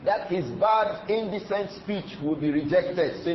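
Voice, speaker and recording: A man giving a religious lecture, explaining a classical text in repetitive, emphatic English. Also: high voice. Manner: reads Arabic passages quickly, then explains them in repetitive, emphatic English. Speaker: Islamic teacher. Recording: roomy, slightly dull recording with faint noise.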